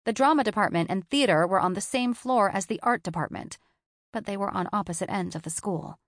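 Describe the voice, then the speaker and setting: A woman reading a first-person novel in a measured, subdued, reflective way, close to the mic. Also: medium pitch, dry recording. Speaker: audiobook narrator.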